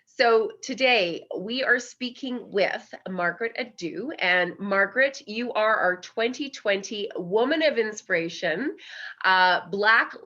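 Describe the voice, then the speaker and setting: A woman's voice: medium pitch, a bit bright, lo-fi sound. A woman hosting an interview podcast, upbeat and enthusiastic as she introduces and questions her guest. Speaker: podcast host.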